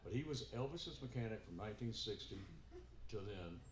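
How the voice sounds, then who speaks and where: A man's voice: lowish voice, lively intonation, a little fast. A man telling a story between songs at a live in-store show, rambling with many fillers and restarts. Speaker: musician performing in-store. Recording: echoey store room with guitar.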